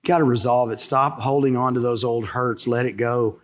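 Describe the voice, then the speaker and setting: A pastor preaching a sermon in a folksy, conversational way, driving points home with emphatic repetition. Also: male voice, medium pitch, fairly even intonation, normal speed.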